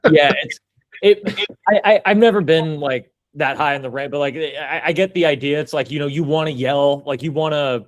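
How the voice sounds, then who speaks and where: A man's voice: a little high, brisk, dry recording. A man hosting a podcast, asking rambling questions full of restarts and fillers. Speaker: podcast host. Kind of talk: casual interview chat.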